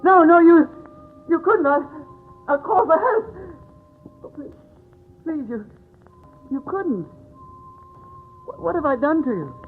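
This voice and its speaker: Actor as older doctor, stammering, frightened; tinny vintage radio play. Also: male voice, fairly high pitch, steady tone, moderate pace, long pauses, faint music behind, lightly acted. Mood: terrified. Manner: stammering, pleading in panic. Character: kindly older male doctor, terrified. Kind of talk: 1940s radio acting. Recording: tinny old radio broadcast.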